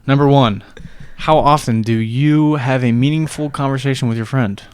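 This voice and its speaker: A man's voice: mid-range voice, normal speed, clear, resonant tone, no room sound. A young man hosting a casual podcast chat, laid-back and teasing with crude jokes. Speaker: podcast host.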